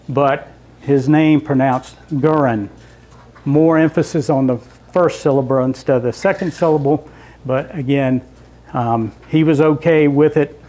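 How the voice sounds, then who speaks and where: A man lecturing from slides in a relaxed, conversational way. His voice sits a touch higher than most men's. He walks the audience through the material step by step, with small asides. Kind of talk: public history lecture with slides. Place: library lecture room.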